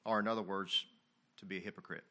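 Bright-voiced preacher man. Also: deep voice, fairly even intonation, fast talker. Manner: swings from loud emphatic preaching to quiet confessional tone; reads King James scripture aloud. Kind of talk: sermon.

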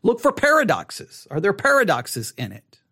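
Guy teaching bible study, highish voice that jumps all over, keeps restarting his sentences. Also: moderate pace, breathy edge. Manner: animated, repeats and restarts phrases, acts out reactions. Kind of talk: casual teaching talk.

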